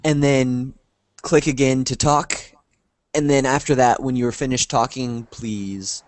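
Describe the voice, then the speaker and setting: A man's voice: mid-range voice, fairly even intonation, measured pace, no room sound. A man teaching an online English class over a video call, friendly, often asking "right?" to check in.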